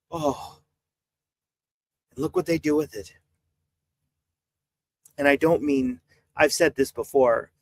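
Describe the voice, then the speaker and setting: A man's voice: medium pitch, a little hiss or hum. A man in his forties, a priest talking on a live stream, exasperated and preachy as he urges his viewers. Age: 40s. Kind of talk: impassioned live-stream talk.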